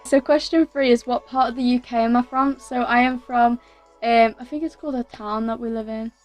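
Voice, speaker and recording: Teenage girl, casual vlog chat, rambling with fillers, slightly high voice, faint background music. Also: steady tone, fairly quick. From England. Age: teens. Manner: chatty and rambling, many fillers and self-corrections. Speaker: YouTuber.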